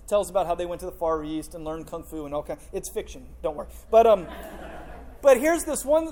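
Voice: medium pitch, lively intonation, fairly quick, warm tone, slight background noise. A pastor preaching a sermon to a congregation in a loose, conversational way, telling a humorous story before turning to scripture. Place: church in front of a congregation.

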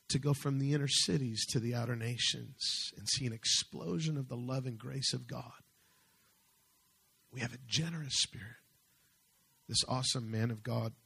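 A man preaching a sermon as pastor, fervent, slowing and swelling as he reads scripture. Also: medium pitch, gravelly, pushed and bright, breathy edge.

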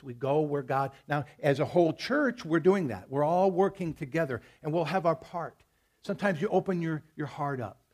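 Husky and on the higher side, this man's voice carries a sermon he delivers as pastor at a church service. He addresses the congregation in a chatty manner, telling stories in between passages of scripture.

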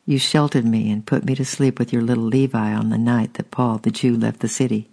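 A man's voice: steady tone, a little fast, gravelly, a little mellow, breathy edge. A man reading the lines of a weary, wounded young former slave in a storybook. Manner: weary and low.

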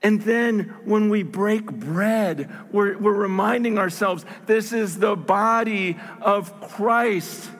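An older man, a grandfather, preaching a sermon as a pastor, telling stories and building to emphatic shouts. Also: sits high, slow, hardly any pauses. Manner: storytelling, animated, bursts into emphatic shouts.

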